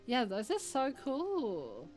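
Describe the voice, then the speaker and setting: A woman's voice: fairly high pitch, slow, faint music behind. Chatty young woman streaming a game. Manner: chatty and excitable, thinking aloud and reading on-screen text. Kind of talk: casual live-stream chat while playing a puzzle game.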